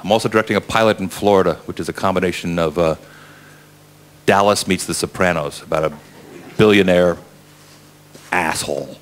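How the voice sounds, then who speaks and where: A man's voice: low voice, brisk, pauses often, slight background noise. A middle-aged man who directs, bantering and teasing on a convention press panel. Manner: joking and teasing.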